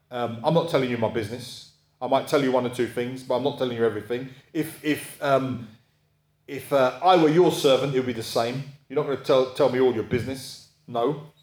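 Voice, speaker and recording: A man's voice: medium pitch, a little mellow. A man preaching a sermon, talking in a conversational way and often checking in with his listeners. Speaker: pastor. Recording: echoey room.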